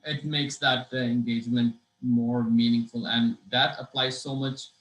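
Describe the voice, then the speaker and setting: A man's voice: medium pitch, little pitch movement, a little slow, a bit bright, muffled recording. A man hosting a professional webinar, speaking in a rambling, hesitant way full of "uh"s, with a dry throat, heard over a video call. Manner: rambling, hesitant, many uh fillers and restarts. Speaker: webinar host. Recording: echoey room.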